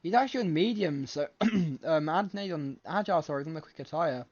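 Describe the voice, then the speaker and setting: A man calls a race live from home late at night, excitable and quick to correct himself mid-sentence. His voice sits a little high and his throat is scratchy. The desk mic sounds slightly muffled and lo-fi. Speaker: race commentator. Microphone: desk microphone.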